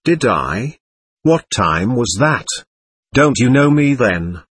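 A lost, lonely girl spirit with a childlike way of speaking, as a man reads her lines aloud. The voice is husky and slightly breathy, with a lively, rising and falling pitch, in a dry, close sound. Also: slow pace, no echo, heavily acted. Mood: wistful. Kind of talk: reading a séance transcript aloud.

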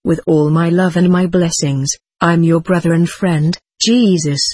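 A solemn, commanding male spirit, read aloud by a narrator in a steady, formal cadence. The voice is slightly husky. The recording is close and dry. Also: mid-range voice, a little slow, no echo. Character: Jesus, solemn male spirit speaking with authority. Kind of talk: reading channeled spirit letters aloud.

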